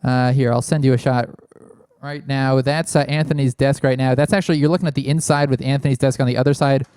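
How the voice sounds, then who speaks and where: A man's voice: medium pitch, fairly even intonation, quick pace, darkish tone, clean tone, no room sound. A man hosting a casual call-in show, talking loosely with lots of fillers, close on a large studio microphone in a small studio. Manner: rambling, many fillers. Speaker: podcast host. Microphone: large studio mic, spoken into closely.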